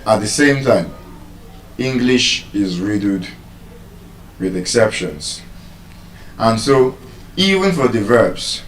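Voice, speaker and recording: A man giving a pronunciation lesson, speaking slowly and deliberately, pausing and repeating words for emphasis. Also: lowish voice, a little hiss or hum. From Nigeria. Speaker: teacher giving a pronunciation lecture. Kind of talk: classroom lecture, explaining and spelling out words. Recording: roomy echo, voice from a distance.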